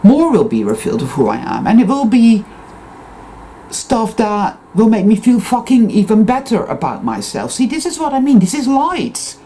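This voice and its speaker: A woman's voice: fairly high pitch, huge pitch swings, moderate pace, warm tone, slight background noise, low-quality recording. A woman in an unscripted personal monologue, speaking intensely and emphatically, often swearing. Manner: emphatic, intense and profane self-affirmation. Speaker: spiritual vlogger.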